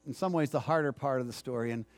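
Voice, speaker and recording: A man preaching a sermon as pastor, talking conversationally, putting questions to the congregation and reading scripture with big swings in loudness. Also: medium pitch, fast.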